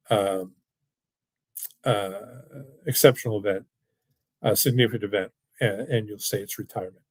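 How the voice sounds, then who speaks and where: A man's voice: on the low side, a little mellow, no echo. A middle-aged man running a finance webinar, talking casually and persuasively with frequent restarts, over a video call mic. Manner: emphatic, with frequent restarts and repeated "look". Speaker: financial firm owner hosting a webinar. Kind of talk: casual, persuasive talk and Q&A answers.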